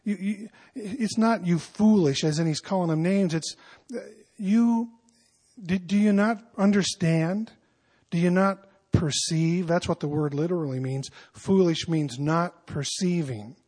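A man's voice: high-pitched, a little slow, darkish tone, husky. A man preaching a sermon in an informal, earnest way, with emphatic asides to his listeners. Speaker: pastor. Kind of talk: conversational sermon.

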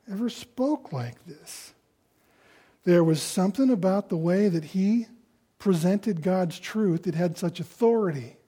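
A man preaching a sermon in a conversational way, acting out the people he quotes in louder voices. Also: high voice, normal speed, husky. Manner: conversational, acts out quoted voices with rising loudness.

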